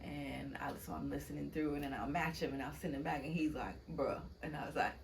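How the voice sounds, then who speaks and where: Woman w aave telling stories in an interview, laughs a lot, kinda low voice, faint hiss. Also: steady tone, a little fast, creaky. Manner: chatty storyteller, laughs often, acts out quotes. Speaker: poet and guest. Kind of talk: casual interview chat.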